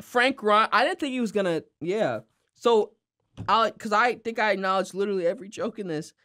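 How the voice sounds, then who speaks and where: A woman's voice: medium pitch, fairly quick, fairly bright tone, no room sound, clean studio sound. A woman co-hosting a podcast, recapping a cartoon episode in casual chat and acting out character lines with put-on voices. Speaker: podcast co-host.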